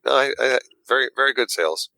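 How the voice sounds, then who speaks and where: A man, a guest who makes models, telling an animated story in casual chat and acting out the quotes with little stammers. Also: medium pitch, fast, gravelly, no echo, poor audio.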